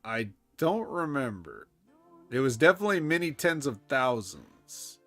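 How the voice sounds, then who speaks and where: A man's voice: mid-range voice, big pitch swings, measured pace, a bit bright, faint music behind. A man co-hosting a podcast, chatting casually with a dry, sarcastic manner. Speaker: podcast co-host. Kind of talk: casual wrestling banter.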